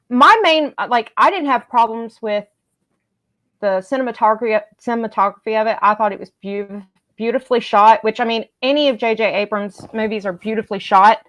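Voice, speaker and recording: A woman in casual fan chat who tells stories in an animated way and acts out the people she quotes. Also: a little high. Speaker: live chat co-host.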